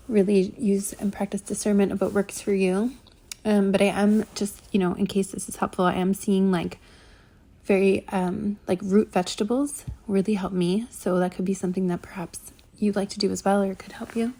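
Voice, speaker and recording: A woman reading and commenting on a channeled spiritual transmission, speaking haltingly with many ums and likes and a slightly shaky voice. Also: medium pitch, level tone, dark tone. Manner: halting, full of ums and likes, trips over words.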